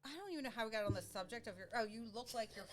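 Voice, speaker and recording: Excitable woman podcast host, lively pitch. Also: rapid-fire, a crowd in the background. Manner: loud, excitable, laughs often. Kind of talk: casual podcast chat.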